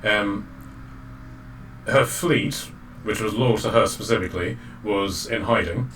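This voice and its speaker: Low-voiced man narrating a tabletop game. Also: a bit bright. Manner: halting, many fillers and restarts. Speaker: game master. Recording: distant mic, faint background noise.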